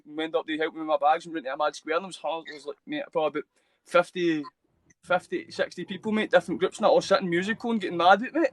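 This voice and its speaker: A young man with a Scottish accent talks at a fast clip in a fairly high voice, his stories spilling out in loose, rambling runs. He swears freely and drops mate and bro into nearly every line. He's a guest on a live video call. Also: fairly bright tone, dry recording, poor audio. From Scotland. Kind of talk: casual storytelling interview.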